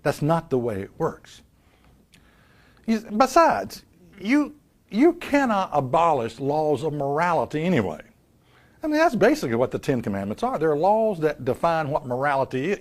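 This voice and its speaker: A man's voice: a little high, sing-song, moderate pace. A man preaching a live sermon, emphatic, asking rhetorical questions and repeating key lines. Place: live church service.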